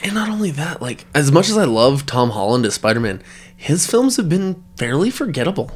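A man's voice: a little high, very animated, fairly quick, husky. A man co-hosting a podcast in casual chat, swearing freely and often restarting his sentences. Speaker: podcast co-host.

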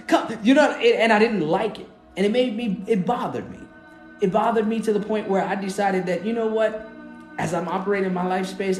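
A man hosting a live stream, talking in a loose, rambling and earnest way, encouraging his listeners. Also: sits high. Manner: loose, rambling, often asks "you know what I mean". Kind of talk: casual live-stream talk. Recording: roomy echo, faint music.

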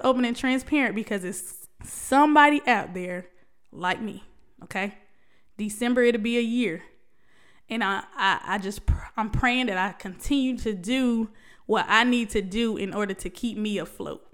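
Her voice medium in pitch and fairly bright, a young vlogger tells her viewers a personal story about faith and life, straight to camera. It's candid and emotional, like a testimony, with lots of laughter and restarts.

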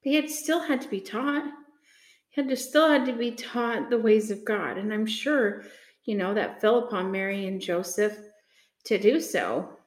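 A woman giving an unhurried, earnest devotional talk with many pauses and ums, reading scripture aloud. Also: mid-range voice. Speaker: speaker sharing a faith reflection. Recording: echoey room.

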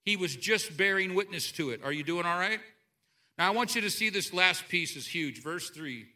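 A man preaching a sermon to a church congregation, animated, swinging between loud outbursts and quiet asides. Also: high-pitched, moderate pace. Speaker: pastor. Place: church sanctuary.

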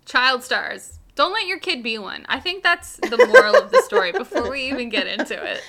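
A woman's voice: high voice, big pitch swings, moderate pace, vocal fry, crowd noise. A young woman co-hosting a podcast in casual chat, upbeat and filling her talk with "like". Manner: upbeat, says "like" a lot. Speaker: podcast co-host.

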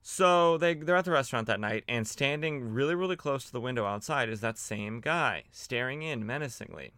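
A man's voice: mid-range voice, expressive, a little fast, pushed and bright, dry recording, clean studio sound. A man hosting a podcast, chatting casually and sardonically as he recaps old comic books, with lots of fillers and restarts. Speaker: podcast host.

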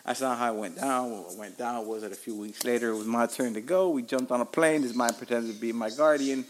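A man's voice: medium pitch, fairly quick, slight background noise. Profane, rambling Miami man. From Miami, Florida. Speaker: podcast host. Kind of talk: casual storytelling monologue.

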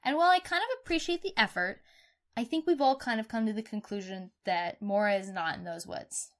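A woman's voice: mid-range voice, a little fast. Outspoken woman podcast host. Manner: expressive, outspoken, swears casually. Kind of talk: casual true-crime chat.

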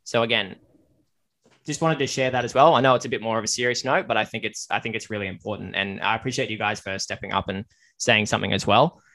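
A man's voice: lowish voice, fairly even intonation, fast, bright, forceful tone, no echo. Earnest man hosting a podcast. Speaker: podcast host. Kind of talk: casual podcast chat.

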